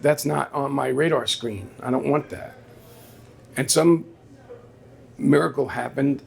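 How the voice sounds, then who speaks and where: Gravelly-voiced man telling a live story. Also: medium pitch, slight background noise. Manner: conversational, quotes people in his story. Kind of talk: live first-person storytelling. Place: small venue with a live audience.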